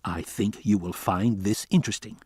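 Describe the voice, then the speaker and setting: A man's voice: fairly low pitch, normal speed, darkish tone, slightly rough, no room sound, studio quality. A man voicing a cold, impatient scientist who talks in a curt, insistent way.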